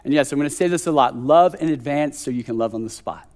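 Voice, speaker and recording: A man's voice: mid-range voice, fast talker, darkish tone. A man in his thirties preaching a conversational sermon at a church service, telling a story with joking asides.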